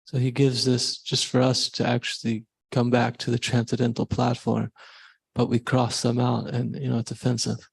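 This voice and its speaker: Husky, gravelly man sharing a reflection. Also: medium pitch, monotone, moderate pace, dry recording. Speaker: class participant. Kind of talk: devotional reflection.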